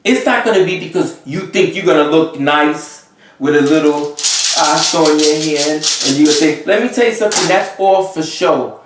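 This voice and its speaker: A man from Haiti, a Vodou priest, gives unscripted advice with real exasperation, pressing his points and checking in with his listener. His voice sits high for a man and lively in pitch. He is recorded from a distance in a strongly echoing room. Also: moderate pace, background noise. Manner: emphatic and exasperated, often checking in with "okay?" and "you see?". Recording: very echoey room, voice away from the mic.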